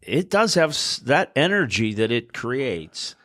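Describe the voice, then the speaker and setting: A man's voice: mid-range voice, sing-song, measured pace, a bit bright, dry recording, studio quality. A man hosting a podcast who chats casually and chimes in often with eager agreement. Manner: enthusiastic, chiming in with affirmations. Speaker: podcast host. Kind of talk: casual chat.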